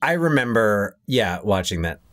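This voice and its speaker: A man's voice: on the low side, very animated, moderate pace, fairly bright tone. A man co-hosting a podcast, chatting casually with playful jokey asides. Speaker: podcast co-host. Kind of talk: casual chat.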